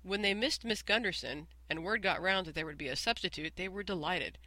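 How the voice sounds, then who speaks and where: An audiobook narrator reading a children's story in an even, measured way. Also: medium pitch, dry recording, poor audio. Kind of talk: scripted narration.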